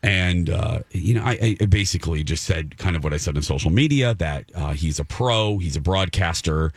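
Animated male radio host telling a story. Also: deep voice, moderate pace, slightly rough, no room sound, clean studio sound. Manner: animated storyteller, acts out his own reactions. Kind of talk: casual on-air storytelling.

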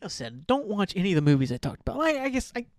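A man's voice: high voice, big pitch swings, racing, dry recording, studio quality. Rambling man hosting a solo podcast. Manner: rambling, loose, swears casually, trails off often. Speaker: podcast host.

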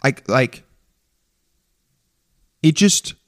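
A man delivering an animated, profane rant in a casual monologue, stammering and restarting often. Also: extremely slow. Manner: profane, exasperated, animated ranting.

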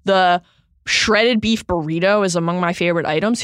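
A woman's voice: on the low side, fairly quick, no room sound, studio quality. A woman guest talking enthusiastically and chattily about food. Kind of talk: casual chat.

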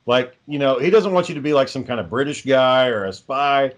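A man's voice: medium pitch, expressive, fairly quick. A man who hosts the podcast and makes indie films, talking in a laid-back casual chat and swearing constantly. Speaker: podcast host and indie filmmaker.

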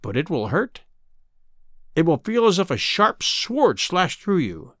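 A man voicing a cruel, scheming female sea witch in a storybook reading, with a slow, taunting delivery. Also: fairly high pitch, sing-song, a bit bright, no echo, clean studio sound.

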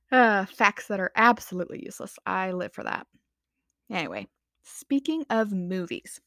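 A woman's voice: a little high, a bit bright, dry recording, studio quality. Chatty young woman podcast host. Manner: chatty, rambling, self-mocking with many "like"s and "anyway"s. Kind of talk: casual solo podcast chat.

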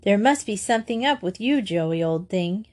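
A woman's voice: medium pitch, animated, moderate pace, a little mellow, lightly acted. A woman reading the part of a teasing schoolgirl who jeers at her friend.

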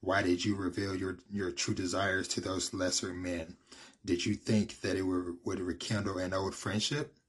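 A man reading the lines of a scornful, mocking ghost of an old male king in his own low, husky voice. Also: little pitch movement, moderate pace.

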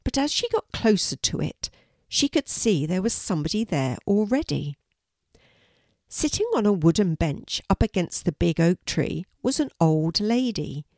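An older woman, a grandmother, reading a children's story aloud in a warm, gentle way. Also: lowish voice, very animated, unhurried, no room sound, clean studio sound.

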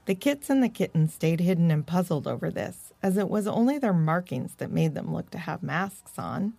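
A woman narrating a children's story in a gentle, expressive reading voice. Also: on the low side, moderate pace, creaky, hardly any pauses, husky, no room sound. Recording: dry close-mic recording.

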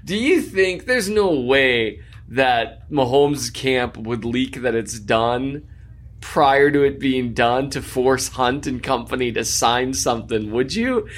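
A man's voice: mid-range voice, animated, slow. A man co-hosting a casual sports podcast, chatty and jokey, rambling through restarts. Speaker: podcast co-host.

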